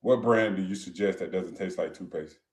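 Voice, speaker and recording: A man's voice: deep voice, fairly quick, darkish tone. A man, a former football player, chatting as a laid-back guest on a sports show. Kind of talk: casual chat. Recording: echoey room sound.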